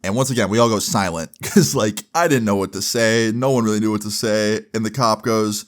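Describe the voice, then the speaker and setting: A man's voice: on the low side, a little fast, few pauses. A young man telling a personal story in a casual, profane style, full of fillers. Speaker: vlogger. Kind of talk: storytime vlog.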